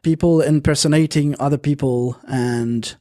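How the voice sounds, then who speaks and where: A man's voice: fairly high pitch, fairly even intonation, normal speed, dark tone. A man hosting a podcast in casual chat, speaking hesitantly with many filler sounds and restarts. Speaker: podcast host and editor.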